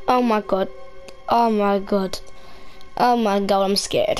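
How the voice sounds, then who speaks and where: A woman's voice: mid-range voice, fairly even intonation, slow, pauses often, faint music behind. A woman playing a horror game on her channel, talking through it in a jumpy, frightened way, often exclaiming and screaming. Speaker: gaming YouTuber. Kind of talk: horror game let's-play commentary. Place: at home, wearing headphones.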